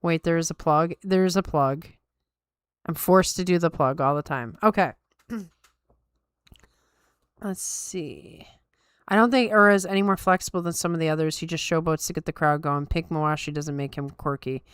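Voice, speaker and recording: A woman's voice: low-pitched, moderate pace, pauses often, smooth, dry recording, clean studio sound. A tired woman hosting a podcast, chatting casually and wryly with her viewers. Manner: wry, self-deprecating chatter. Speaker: podcast host. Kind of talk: casual chat with live chat.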